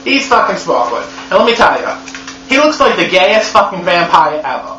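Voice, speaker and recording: A man reviewing a movie in a sassy, profane, animated comedy recap. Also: sits high, normal speed. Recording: echoey room, dull lo-fi sound, faint hum.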